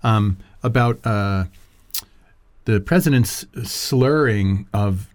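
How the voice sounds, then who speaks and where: A man co-hosting a podcast, reflecting on politics with frequent pauses and restarts. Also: on the low side. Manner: reflective, lots of fillers and restarts. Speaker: podcast co-host. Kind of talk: casual political chat.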